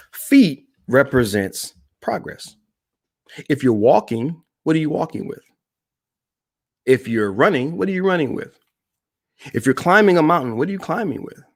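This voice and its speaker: A man speaking as a motivational speaker on a live-stream broadcast, emphatic and repeating key phrases while addressing the audience directly. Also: medium pitch.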